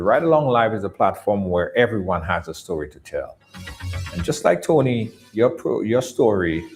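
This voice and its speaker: A man hosting a live talk show, closing with energetic announcements and repeating details for viewers. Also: sits low. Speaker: show host. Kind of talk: live show sign-off and promo.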